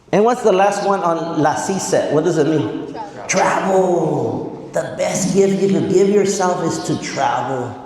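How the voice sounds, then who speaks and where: A man in his forties with a fairly high voice delivers a lively motivational speech to a room of students. He keeps quizzing the crowd and slips Spanish words into his talk. His voice booms back from a large, very echoey hall with a long reverb tail. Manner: energetic, quizzes the audience, mixes in Spanish words. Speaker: guest speaker.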